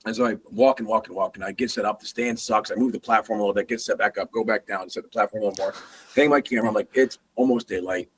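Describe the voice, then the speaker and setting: A man's voice: fairly low pitch, quick pace, a little hiss or hum. A man, a guest hunter, telling a story in a casual way and acting out the sounds and the dialogue. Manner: animated, acts out sounds and quoted dialogue.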